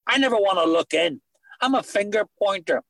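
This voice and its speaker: A man's voice: high voice, animated, fairly quick, creaky, fairly bright tone, dry recording, poor audio. A middle-aged man with a Northern Irish accent, giving earnest personal testimony with dry humor on a video call. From Northern Ireland. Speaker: recovery meeting speaker.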